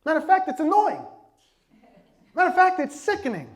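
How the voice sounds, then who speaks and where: A man preaching a sermon in a lively, conversational way, joking and constantly asking the congregation questions. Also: very high-pitched, fairly quick. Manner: laughs easily and jokes with the congregation. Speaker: pastor.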